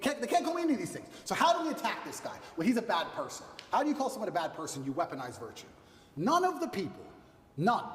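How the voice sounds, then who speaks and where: A man's high, lively voice races through an emphatic, defiant rant, repeating his points for force. He sounds far from the mic in an echoey hall with a long reverb. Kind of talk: impassioned rant.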